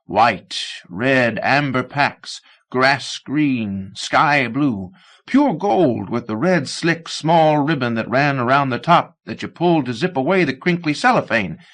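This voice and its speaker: A man reading a story aloud, voicing a gentle, nostalgic old man who lingers softly over what he remembers. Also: mid-range voice, lively intonation, takes it slowly.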